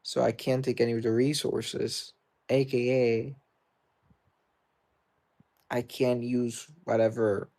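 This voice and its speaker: A British man chats casually on a game livestream, reading out and answering viewer comments as he goes. His voice sits at an ordinary middle pitch with a noticeable gravelly fry, and he rambles easily from one thought to the next. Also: level tone, slow, long pauses, mellow. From Britain. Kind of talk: casual livestream chat while gaming.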